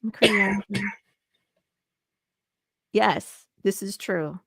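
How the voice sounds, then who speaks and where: A woman's voice: medium pitch, extremely slow, creaky, a bit bright, no echo, studio quality. A woman hosting a casual chat show, bubbly and teasing, laughing often. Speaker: podcast host.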